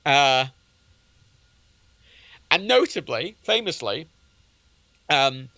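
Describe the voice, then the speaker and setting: Sweary guy ranting on stream, bouncy up and down voice, kinda high. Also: drawn-out words, creaky, dry recording. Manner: sweary, animated, sarcastic. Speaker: livestreamer. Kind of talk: casual gaming-stream rant.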